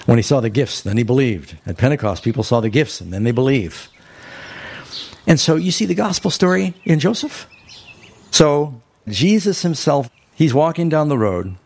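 A man with a gravelly, husky voice delivers a sermon. He retells a story with lively swings, climbing high when he drives a point home. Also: moderate pace. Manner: animated storytelling, rising sharply for emphasis. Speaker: preacher.

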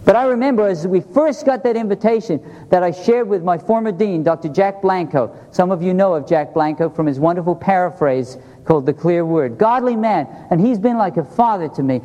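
Middle-aged pastor guy preaching, high mellow voice, asks the church questions, big echoey hall. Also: brisk, hardly any pauses, lo-fi sound. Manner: earnest, asks the congregation questions. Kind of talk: sermon. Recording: long hall reverb.

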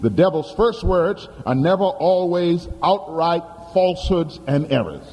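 Animated male preacher in a reverberant church. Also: on the high side, a little slow, few pauses, a little hiss or hum. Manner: emphatic, dramatic storytelling with call-and-response questions. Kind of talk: sermon. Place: church sanctuary. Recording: long hall reverb, faint ambience.

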